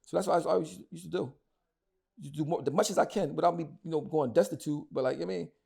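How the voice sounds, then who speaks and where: A man's voice: a little high, fast talker, gravelly, darkish tone, slightly rough. A man, talking bluntly and heatedly as an interview guest, often repeating words as he goes. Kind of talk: casual interview talk.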